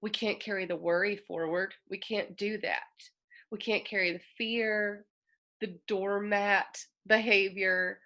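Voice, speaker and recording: A woman's voice: mid-range voice, fairly even intonation, a little slow, bright, forceful tone. A woman astrologer hosting a casual, earnest talk, reflective and openly emotional as she speaks. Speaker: astrologer host.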